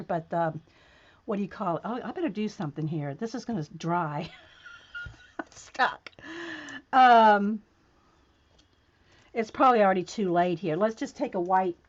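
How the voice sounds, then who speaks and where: A woman hosting a casual crafting vlog, chatting to her viewers as she works and getting excited by what she finds. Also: medium pitch, highs cut off. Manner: chatty, excitable, talks to viewers while working. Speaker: craft video host.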